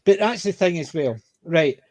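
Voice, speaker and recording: A man's voice: a little high, animated, normal speed, a little mellow, no echo. A man with a Scottish accent talking in a casual panel discussion, emphatic and opinionated, often restarting his sentences. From Scotland. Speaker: podcast panelist.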